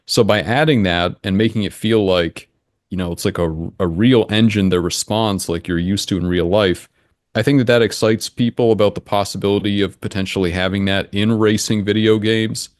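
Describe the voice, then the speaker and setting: As an interview guest, this engine simulation creator, a young man with a lowish voice, talks at normal speed and stays calm and factual. His answers unfold as he reasons out loud, one step at a time, and the dry recording carries almost no room sound.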